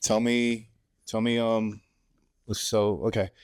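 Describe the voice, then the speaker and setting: A man's voice: lowish voice, flat delivery, slow, smooth, dry recording, clean studio sound. A man who hosts a podcast and has served as a Marine, asking questions in a laid-back way, often searching for his words. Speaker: podcast host, Marine veteran. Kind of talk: interview questions.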